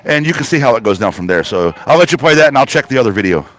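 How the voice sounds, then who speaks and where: A man's voice: medium pitch, sing-song, rapid-fire, a bit bright. A man reporting live from a protest site in an urgent, emphatic and blunt way, swearing freely. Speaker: on-the-ground reporter. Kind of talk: live remote interview.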